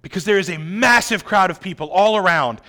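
A man preaching a sermon, dramatic, swinging between loud emphasis and hushed, quiet lines. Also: high voice, a little fast. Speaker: pastor.

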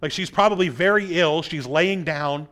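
A man's voice: fairly high pitch, moderate pace, fairly bright tone. A man preaching an expository sermon, emphatic and full of rhetorical questions. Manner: emphatic, asks rhetorical questions, acts out quotes. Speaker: pastor.

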